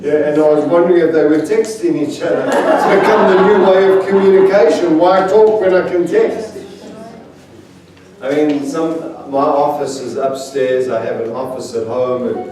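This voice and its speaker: A man's voice: fairly high pitch, moderate pace, a crowd in the background. A man preaching a sermon in a church, telling humorous stories in a chatty, self-mocking way and chuckling between anecdotes. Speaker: guest preacher. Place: large church sanctuary. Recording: very echoey hall, voice from far off.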